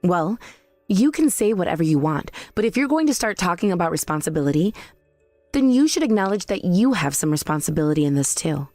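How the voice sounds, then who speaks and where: A woman's voice: on the low side, big pitch swings, fairly quick, mellow, no echo, faint music behind. A woman playing a cool, cutting young wife. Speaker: daughter-in-law. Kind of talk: scripted drama voice-over.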